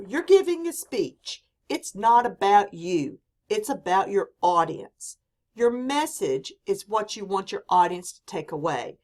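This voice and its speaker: A woman with a softened Southern US mountain accent lectures on public speaking. She speaks in a clear, deliberate teaching manner. She stresses important words firmly as she explains each point. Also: medium pitch. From Southern US mountain region. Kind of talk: recorded classroom lecture.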